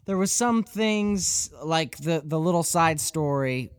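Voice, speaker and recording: A man co-hosting a casual podcast, chatty and halting, searching for words. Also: on the high side, lively intonation, clean tone, dry recording. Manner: chatty, halting, lots of fillers and restarts. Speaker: podcast co-host.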